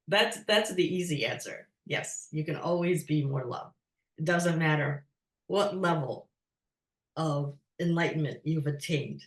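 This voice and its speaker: A woman speaks slowly and gently as a guest on a spiritual talk show, choosing her words with care. She sits some way from the microphone in a room with an audible echo. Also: low voice. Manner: slow, gentle, measured. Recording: echoey, distant from the mic.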